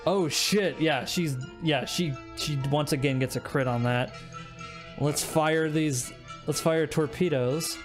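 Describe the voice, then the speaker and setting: Game master, relaxed narration, lots of fillers, music behind. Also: medium pitch, slow.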